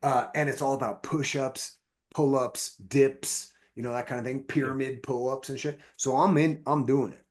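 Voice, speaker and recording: A man, a guest on a podcast, telling long, profane anecdotes from his acting career in a casual, animated way. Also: medium pitch, moderate pace. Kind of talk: casual storytelling chat.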